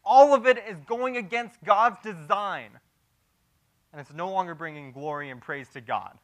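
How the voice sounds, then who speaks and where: This expository sermon comes from a man with a high voice speaking at normal speed, moving through the text verse by verse. He shifts from a hushed, serious tone to loud, lively emphasis, frequently restarting and repeating himself as he improvises, all captured on poor audio.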